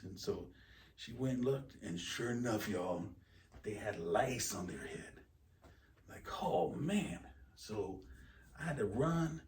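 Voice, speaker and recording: A man's voice: medium pitch, a little mellow, a little hiss or hum. A man telling a crude, rambling comic story about his family, full of exaggeration. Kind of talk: storytelling stand-up. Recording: roomy, distant mic with faint ambience.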